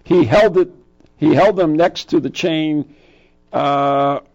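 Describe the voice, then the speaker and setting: A man's voice: a little high, takes it slowly, darkish tone, dull audio. A man with a New England accent hosting a casual podcast, rambling through explanations and tripping over words. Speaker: podcast host.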